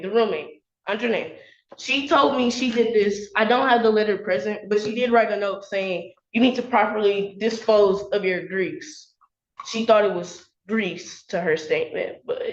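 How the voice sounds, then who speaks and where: A woman's voice: medium pitch, normal speed. A young woman speaking as a tenant in court, hesitant and defensive, with many fillers. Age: young adult. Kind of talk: courtroom testimony. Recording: echoey courtroom recording, dull sound.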